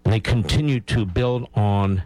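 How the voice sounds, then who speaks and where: A man's voice: on the low side, measured pace, a little mellow, no echo, poor audio. A man hosting a talk radio show, delivering a blunt, emphatic opinion monologue and cueing his producer.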